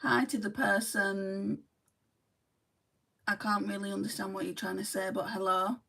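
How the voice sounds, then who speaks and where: A woman's voice: mid-range voice, flat delivery, a little slow, vocal fry, a bit bright, distant mic, poor audio. A woman from Lancashire with a Lancashire accent, chatting casually on a beauty livestream as she answers viewer comments. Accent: Lancashire English. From Lancashire, England.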